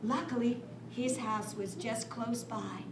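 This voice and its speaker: A woman telling an interactive story to children in a library, animated and playful, adding sound effects. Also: a little high, slow pace, raised voice, very noisy. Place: library room. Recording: echoey room.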